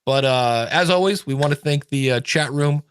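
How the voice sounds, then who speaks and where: A middle-aged man hosting a podcast, telling a story in a casual, animated way with excited restarts. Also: on the high side, moderate pace, smooth. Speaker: podcast host.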